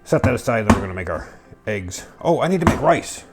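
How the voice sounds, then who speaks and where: A man's voice: on the low side, big pitch swings, a little fast, noisy background. A man chatting casually to himself while cooking in a small home kitchen, goofy and full of silly sound effects.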